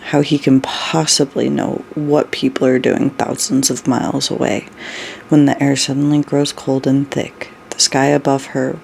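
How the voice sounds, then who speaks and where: Slow, gravelly story reader. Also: mid-range voice, a little hiss or hum, low-quality recording. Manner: unhurried, with brief asides. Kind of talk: reading a story aloud.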